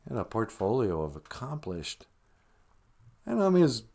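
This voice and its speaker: A man hosting a comedic live stream, rambling with chuckles and deadpan asides. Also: fairly low pitch, normal speed, creaky. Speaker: host of a live stream show.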